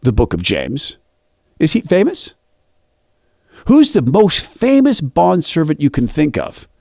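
A man's voice: fairly high pitch, unhurried, gravelly, dry recording, studio quality. A man leading a youth Bible study, telling a story in a reflective, devotional way and acting out the dialogue. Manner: animated, acts out quoted dialogue.

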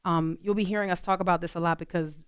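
A woman's voice: on the low side, fairly even intonation, fast talker, smooth, dry recording, clean studio sound. A woman co-hosting a radio talk show, chatting earnestly with plenty of fillers. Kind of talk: casual talk radio chat.

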